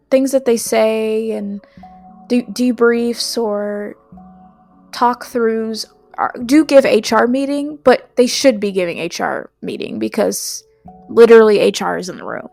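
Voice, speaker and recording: A woman talks through a game review in a loose, rambling way, circling back and restarting her sentences. Her voice sits a little high with a gravelly fry, and soft music plays faintly underneath. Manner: rambling, frequent fillers and restarts. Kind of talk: casual spoken review.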